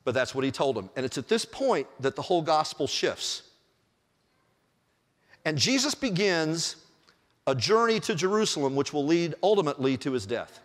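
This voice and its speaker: Lively high-voiced male preacher. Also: moderate pace. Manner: animated storytelling, chuckling often. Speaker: pastor. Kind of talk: sermon. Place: church sanctuary. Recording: long church reverb.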